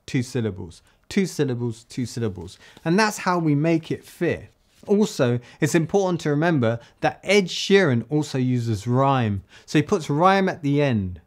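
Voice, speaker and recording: A man from the UK teaching a songwriting tutorial, explaining step by step and reading lines slowly in rhythm. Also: mid-range voice. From United Kingdom. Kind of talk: friendly tutorial.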